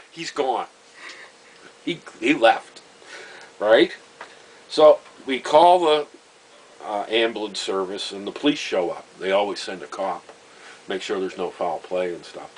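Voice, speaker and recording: Low-voiced man rambling. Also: a little hiss or hum, poor audio. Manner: rambling, halting, heavy on fillers, chuckles at dark humor. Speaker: vlogger. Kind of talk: casual storytelling monologue.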